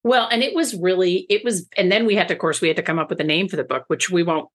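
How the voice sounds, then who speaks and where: A woman's voice: on the low side, quick pace, breathy edge. A woman co-hosting a podcast, chatting in a rambling, friendly way, often restarting her sentences. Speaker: podcast co-host. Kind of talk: casual podcast chat.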